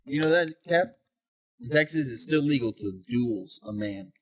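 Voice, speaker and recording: A man in his thirties hosting a casual chat with friends, his pitch bouncing all over. He talks loud and crude and often bursts into shouts. His voice sits a little high. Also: lively intonation, normal speed. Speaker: podcast host.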